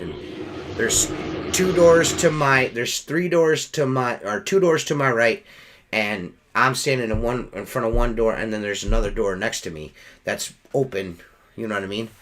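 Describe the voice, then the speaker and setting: A man's voice: fairly low pitch, a bit bright. Fired-up, foul-mouthed man. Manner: profane, heated storytelling. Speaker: window cleaner telling a story on a podcast. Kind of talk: casual chat.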